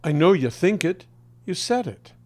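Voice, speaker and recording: A man with a somewhat higher voice explains ideas to an interviewer as a voice coach. He speaks with deliberate emphasis and leaves pointed pauses. His tone carries a trained singer's control. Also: sing-song, darkish tone.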